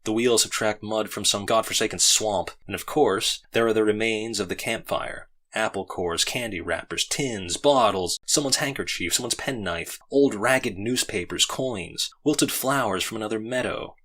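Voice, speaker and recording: A man reading a novel aloud as an audiobook narrator, expressive and voicing the characters in the dialogue. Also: on the low side, moderate pace, few pauses.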